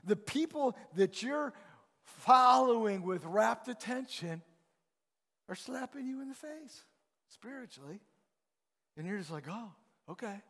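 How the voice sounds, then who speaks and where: High-voiced man preaching in a reverberant hall. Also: lively intonation, unhurried, pauses often, fairly bright tone. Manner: conversational, emphatic preaching. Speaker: pastor. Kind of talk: sermon. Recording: long reverb of a large hall.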